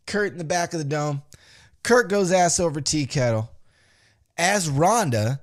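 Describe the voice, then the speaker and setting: Animated swearing man recapping wrestling. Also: fairly high pitch, a little slow. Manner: animated, acts out quotes in put-on voices, swears freely. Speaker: podcast host recapping wrestling. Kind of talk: casual profane recap.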